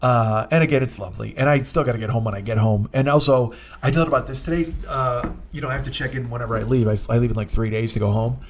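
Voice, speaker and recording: On his own podcast, a forties-aged comedian tells a meandering, foul-mouthed story as a comic monologue. He speaks at a medium pitch, fast, with hardly any pauses.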